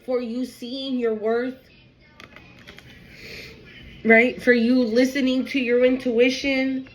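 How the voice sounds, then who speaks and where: In a rough recording, a woman with a slightly high voice gives a casual spiritual tarot reading. Speaking directly to the viewer, she gets emotional and swears freely.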